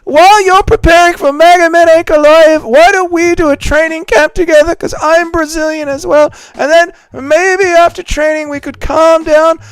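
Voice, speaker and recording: A man's voice: very high-pitched, steady tone, moderate pace, few pauses, no echo, voice pushed up. A man doing a mocking impression of a fawning young male fighter, pleading in an eager, wheedling voice.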